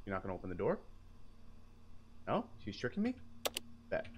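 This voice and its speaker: A young man doing playful let's play commentary, joking loudly, dropping to whispers and jumping to yelps. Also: on the low side, wildly swooping pitch, normal speed. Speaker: gaming YouTuber. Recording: noisy background, mouse clicks.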